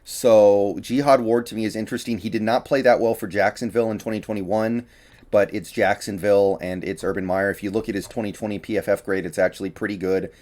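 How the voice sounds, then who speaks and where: Male sports commentator, casual solo talk, lowish voice, slightly winded, opinionated. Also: steady tone, a little fast, darkish tone. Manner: chatty, opinionated, with frequent fillers and restarts. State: a little out of breath.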